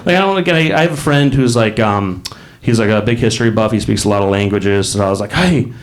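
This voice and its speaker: A man's voice: fairly low pitch, fast talker. A man in his late thirties doing a stand-up comedy set in a club, rambling and self-mocking, bursting into acted voices. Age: late 30s.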